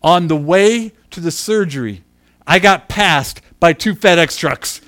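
With some chatter audible in the background, a middle-aged male pastor tells a personal story in his sermon. His voice is a little high, animated and a little slow. He shifts from hushed asides to loud, emphatic bursts, chuckling self-deprecatingly.

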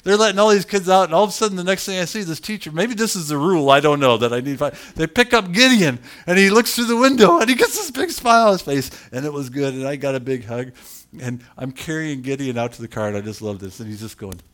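An older man preaching a sermon, telling a personal story in an animated, emotional, self-deprecating way. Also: fairly high pitch, fast.

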